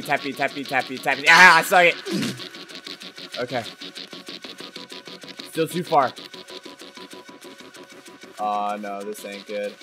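A man commentating his own gameplay, excitable and muttering to himself as he plays. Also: mid-range voice. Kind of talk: let's play commentary.

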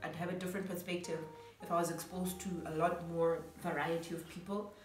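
A woman's voice: fairly low pitch, little pitch movement, a little fast. A woman telling a personal story in casual chat with her husband, acting out the people she quotes and laughing often. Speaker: co-host of a couple's channel. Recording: echoey room, voice a bit far, soft music.

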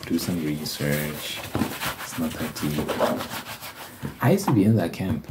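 A man's voice: a bass voice, expressive, a little slow. A young man hosting an ASMR channel, chatting in a rambling, opinionated and profane way. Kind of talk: casual ASMR chat. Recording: loud background noise and clicks.

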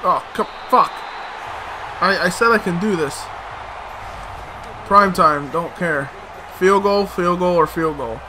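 A man's voice: high voice, slow pace, pauses often, noisy background. A man commenting on his own gameplay, muttering to himself, swearing in frustration and breaking into sudden outbursts. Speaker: let's play host.

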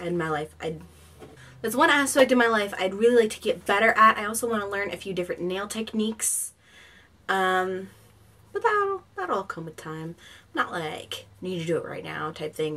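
A woman's voice: mid-range voice, a bit bright. A woman in her twenties chatting casually in a get-to-know-me vlog from her bedroom, rambling with lots of fillers and giggles. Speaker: vlogger.

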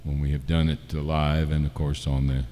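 A man hosting a live-stream music show from home, chatting casually and joking, with frequent pauses and fillers. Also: extremely low pitch, level tone, warm tone, in a large hall, a little hiss or hum. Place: home setup, not a studio.

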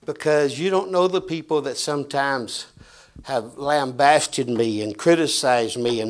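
A man preaching a fiery sermon in a church, swinging between loud shouts and quiet asides. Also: medium pitch, lively intonation, unhurried. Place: church sanctuary.

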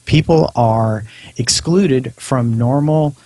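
A man with a husky, slightly rough voice talks earnestly as a podcast guest and lays out his points at length. The sound is dry and close, with no room ring. He is a former police officer speaking casually. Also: mid-range voice, slow, warm tone, no room sound. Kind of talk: casual discussion.

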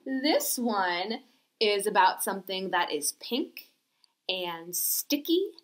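Slow, sing-song woman reading to kids. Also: medium pitch, sing-song. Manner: slow, gentle, exaggerated teacherly prompting. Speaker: children's librarian. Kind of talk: children's storytime reading.

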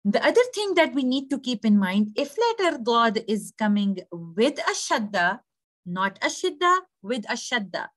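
A woman teaching a recitation lesson, patiently explaining and slowly demonstrating pronunciations. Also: a little high, big pitch swings, a bit bright. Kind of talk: tajweed lesson.

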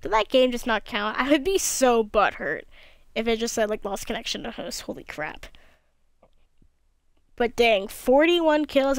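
A young woman narrates her own gameplay in a loose, worn-out way, half muttering to herself with a slight lisp. Her voice sits a little high and sounds smooth and clean through a gaming headset. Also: lively intonation, unhurried, a bit bright. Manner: tired and cranky, mumbling asides to self. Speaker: gaming video creator. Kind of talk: casual gameplay commentary.

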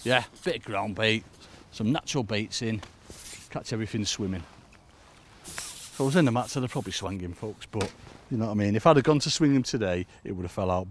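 Bloke, lowish voice, chatty fishing coach talking to the viewers outdoors by a lake. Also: male voice, animated, brisk. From United Kingdom. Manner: chatty, keeps addressing "folks". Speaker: angling coach. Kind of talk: casual fishing tutorial. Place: lakeside outdoors in cold weather.

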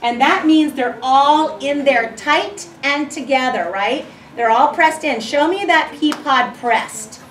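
A woman's voice: high-pitched, slow, few pauses, fairly bright tone, slight background noise. A woman teaching first grade, leading a shared reading with encouragement and chanted rhythm in a classroom. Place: classroom with children. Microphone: far camera mic. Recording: echoey classroom from far off.

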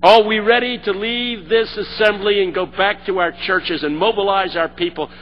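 A man preaching a sermon, telling a story and building to shouted call-and-response. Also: high-pitched, steady tone, moderate pace, muffled recording, a little hiss or hum.

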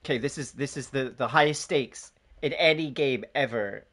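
A man's voice: mid-range voice, moderate pace, fairly bright tone. A man casually chatting on a gaming live stream, joking, swearing and laughing often as he banters with friends and chat.

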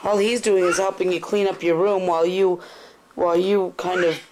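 A woman, a mother filming her children at home on a camcorder, gently scolding and cooing baby talk. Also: on the low side, level tone, normal speed, a little hiss or hum. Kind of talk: casual home-video narration and baby talk. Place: family home, indoors. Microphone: handheld camcorder.

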